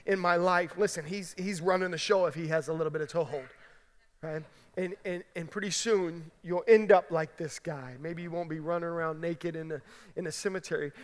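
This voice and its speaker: Man, pastor, high bright voice, emphatic conversational sermon, long hall reverb. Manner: emphatic, conversational preaching with frequent "right?". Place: large church sanctuary.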